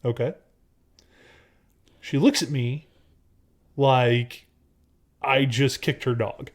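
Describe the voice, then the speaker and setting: A man's voice: mid-range voice, steady tone, drawn-out words. A man co-hosting a casual podcast, telling a story in a rambling way with lots of fillers and restarts. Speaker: podcast co-host.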